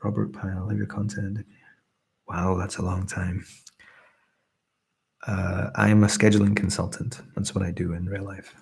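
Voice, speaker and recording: A man with a softened Scottish accent speaks in a very low, heavily gravelly voice with a husky edge. He hosts a soft-spoken ASMR live stream, reading out viewers' comments between pauses. His manner is earnest and grateful. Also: little pitch movement. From Scotland.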